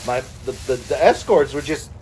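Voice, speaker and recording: A woman in her forties, co-hosting a podcast, telling a story in casual chat, animated and freely swearing. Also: a bass voice, moderate pace, a little hiss or hum. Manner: animated, acts out quoted voices, swears freely. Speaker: podcast co-host.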